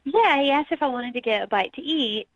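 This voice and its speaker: A female caller telling her story in a friendly, chatty way. Her voice is fairly high. The phone line sounds a little dull and dry. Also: lively intonation, a little fast, no room sound. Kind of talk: phone-in chat.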